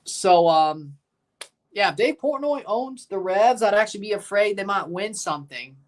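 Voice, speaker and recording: A woman hosting a live hockey watchalong, giving relaxed play-by-play, answering chat questions and erupting into shouts on goals. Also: medium pitch, normal speed. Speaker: livestream host.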